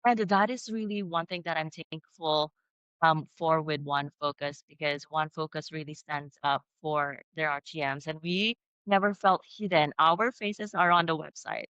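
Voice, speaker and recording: A woman's voice: sits low, steady tone, normal speed, a bit bright, clean tone, no echo, dull audio. Earnest Filipino woman, careful speech. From Philippines. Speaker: executive assistant, guest. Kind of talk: video interview.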